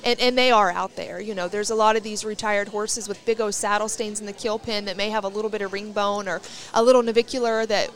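A woman's voice: mid-range voice, steady tone, fast, hardly any pauses, a bit bright. Chatty woman hosting a podcast. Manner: chatty, storytelling, enthusiastic. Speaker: podcast host. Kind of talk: casual interview chat. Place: rodeo arena event.

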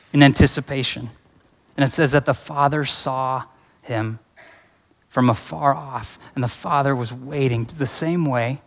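A man delivers a sermon in a church sanctuary, earnest and conversational as he weaves in personal stories. His voice sits in a middle pitch. A long reverb from the hall trails his words. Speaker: pastor.

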